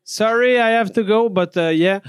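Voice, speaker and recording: A man with a high, light voice chats in English. He halts often, restarts his sentences and fills gaps with uh. The sound is close and dry. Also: smooth, no echo. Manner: halting, many uhs and restarts, laughs easily. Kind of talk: casual chat.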